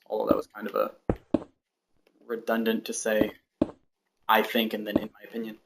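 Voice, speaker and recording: A man's voice: fairly low pitch, monotone, normal speed, gravelly. A man in his early twenties chatting casually while streaming a building game, thinking aloud and rambling between tasks. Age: 20s. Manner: rambling, thinks aloud, counts blocks under his breath. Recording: noticeable background noise and clicks.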